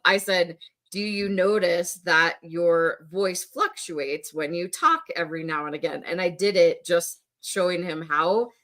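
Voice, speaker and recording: Low-voiced woman chatting as podcast guest. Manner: conversational, filler-heavy, animated when quoting her son. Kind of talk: casual conversation.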